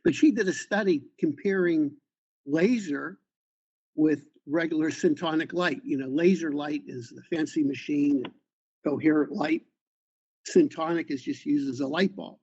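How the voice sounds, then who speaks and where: Brief: male doctor presenting slides to patients on a call, gravelly, husky tone, informal delivery with asides. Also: fairly high pitch, unhurried, a little mellow, lo-fi sound. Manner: informal, with fillers and side remarks. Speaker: eye doctor leading a patient meeting.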